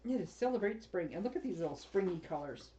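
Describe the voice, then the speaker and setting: A woman's voice: fairly low pitch, lively intonation, fast, warm tone, slight background noise. A woman craft demonstrator chatting casually as she unboxes and sorts a paper craft kit, rambling and often laughing.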